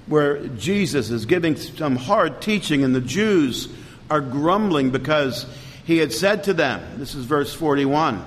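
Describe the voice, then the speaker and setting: Guy preaching fervently, kinda high voice, echo trailing off in a big hall, faint rumble behind. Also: expressive, unhurried. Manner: fervent, emphatic preaching with sudden loud rises. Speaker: pastor. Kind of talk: sermon.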